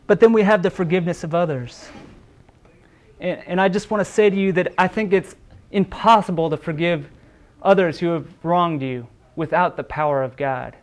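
Male pastor, high-pitched, earnest sermon delivery with small restarts. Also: moderate pace. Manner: earnest preaching with repeated words and brief restarts.

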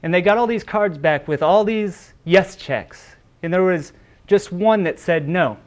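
A man preaching a sermon as a pastor, earnest, with repeated words and small restarts. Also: high voice.

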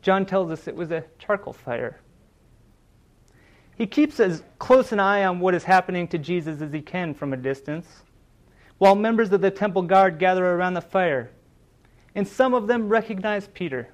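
High-voiced man preaching a sermon. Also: expressive, normal speed. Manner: earnest, dramatic retelling of scripture with emphatic quoted lines.

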